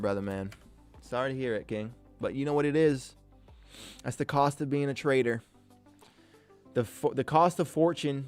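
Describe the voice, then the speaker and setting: A man's voice: mid-range voice, smooth. Hype male day-trading streamer. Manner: hype, calls viewers "King", slangy and upbeat. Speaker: day-trading livestream host. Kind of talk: casual live-stream chat, reading viewer comments.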